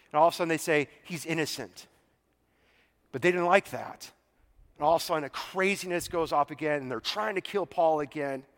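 A pastor with a high voice delivers a sermon in a casual, animated style, acting out the scenes he retells. The long reverb of a large church hall rings around his voice.

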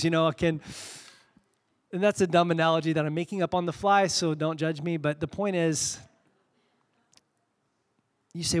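A man in his forties preaching a sermon, conversational and personal, swinging between soft intimate passages and loud fervent peaks. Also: fairly high pitch, steady tone, normal speed, pauses often. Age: 40s. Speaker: pastor.

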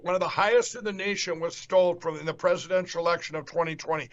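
Talking fast with hardly any pauses, a high-voiced man from the Upper Midwest hosts a political interview show, emphatically repeating himself to rally listeners. The recording is dull and lo-fi.

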